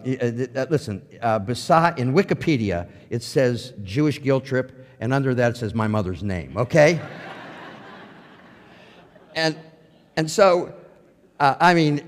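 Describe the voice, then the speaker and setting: A man telling a humorous personal faith testimony, acting out the quotes as he goes. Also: mid-range voice. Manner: animated storytelling with acted-out quotes. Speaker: testimony speaker. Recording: long hall reverb.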